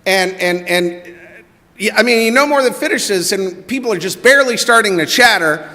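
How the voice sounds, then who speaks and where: A middle-aged man telling a personal story to a church congregation, animated and quoting people in their own voices. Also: high-pitched, normal speed. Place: church sanctuary. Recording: long reverb of a church hall.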